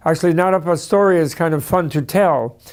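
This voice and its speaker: A man's voice: on the high side, brisk. A man lecturing in a discursive, anecdotal way, with asides and small stories. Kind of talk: storytelling lecture.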